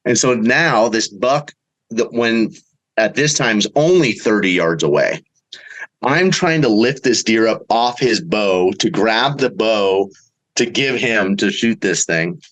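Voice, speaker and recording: A middle-aged man, a bowhunter guest, telling a story in a casual way and acting out the quotes with big jumps in pitch. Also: expressive, takes it slowly, a bit bright, low-quality recording.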